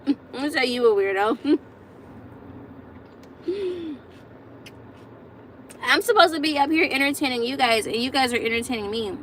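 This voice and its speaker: A woman's voice: high-pitched, lively intonation, moderate pace, long pauses, fairly bright tone, a little hiss or hum. A woman in her twenties chatting casually with viewers on a phone live stream, laughing often and repeating herself. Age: 20s. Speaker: vlogger hosting a live stream.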